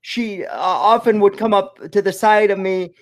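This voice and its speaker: A man hosting an interview, who speaks haltingly, repeats his words and gets emotional at times. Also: high voice, fairly even intonation. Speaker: interview host. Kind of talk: casual interview chat.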